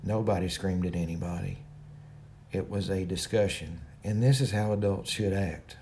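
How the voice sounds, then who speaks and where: A man's voice: sits low, normal speed, warm tone, a little hiss or hum. A middle-aged man from Kentucky with a Kentucky accent, chatting casually with viewers on his livestream in a folksy way. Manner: folksy, talks to viewers directly. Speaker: livestream host.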